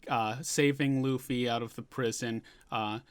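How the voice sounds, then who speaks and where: A man talking through a manga chapter in an easygoing, rambling recap. He paraphrases scenes loosely and keeps the flow going with a mid-range voice that is neither high nor low. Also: fairly even intonation, unhurried, clean tone. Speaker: manga reviewer.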